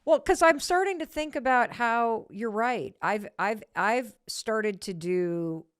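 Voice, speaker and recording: A woman's voice: fairly high pitch, slow, clean tone, dry recording, studio quality. A middle-aged woman hosting a casual conversation, candid and self-deprecating, swearing freely as she talks things through. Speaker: podcast host.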